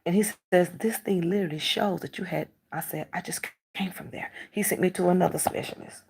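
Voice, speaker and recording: A woman's voice: lowish voice, fairly quick, gravelly, noisy background. A middle-aged woman talking casually to the camera, emphatic and repeating herself as she acts out bits of dialogue.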